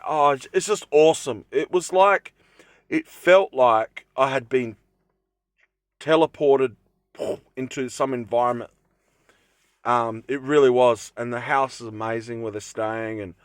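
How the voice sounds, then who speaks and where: A man's voice: mid-range voice, clear, resonant tone, dry recording, clean studio sound. A young man chatting casually to camera from his van, rambling with lots of fillers and restarts. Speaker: vlogger. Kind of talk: casual vlog talk to camera. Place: inside his camper van.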